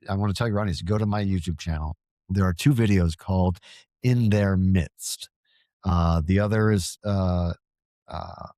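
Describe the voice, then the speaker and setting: A man's voice: low-pitched, warm tone, dry recording. A man talking as a guest on a podcast, rambling and earnest, often stammering and restarting. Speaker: podcast guest, paranormal field researcher. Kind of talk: casual podcast conversation.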